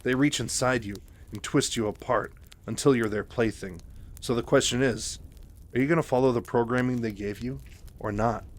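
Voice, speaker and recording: A man's voice: medium pitch, normal speed, close to an everyday voice. A man voicing a defiant, bitter woman rebel who talks in a scornful, cutting way.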